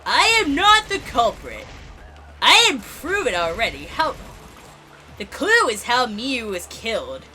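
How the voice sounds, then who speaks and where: Girl doing a sly smug trickster boy, teasing, bright voice, faint game music. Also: a little high, huge pitch swings, a little slow, exaggerated voice. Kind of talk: reading game dialogue aloud in a voice.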